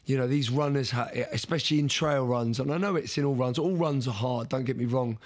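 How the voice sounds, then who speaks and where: A man's voice: mid-range voice, a little fast. A young man, a podcast guest, telling an earnest story in conversation, often restarting and repeating words.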